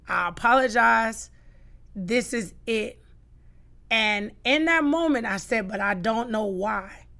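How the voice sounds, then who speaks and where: A woman's voice: on the high side, vocal fry, a bit bright. A middle-aged woman, a podcast guest, giving an emphatic personal testimony and acting out the lines she quotes.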